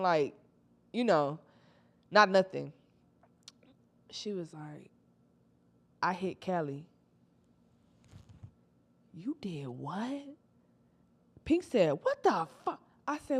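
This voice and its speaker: Animated young woman telling a story. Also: medium pitch, takes it slowly, long pauses. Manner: animated, slangy, acts out friends' lines in quotes. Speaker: storytime vlogger. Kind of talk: casual storytelling.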